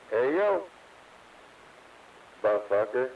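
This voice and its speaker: A man's voice: medium pitch, sing-song, extremely slow. A man joining crude, profane banter on a CB radio channel in a laid-back way. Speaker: CB radio caller. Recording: distant muffled radio with hiss.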